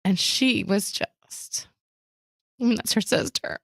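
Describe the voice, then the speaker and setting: Her pitch is medium and her pace slow, with vocal fry and a slightly rough edge, captured in clean studio sound with no echo. This woman co-hosts a casual talk show, retelling a personal story with lively impressions of others' lines and nervous laughter.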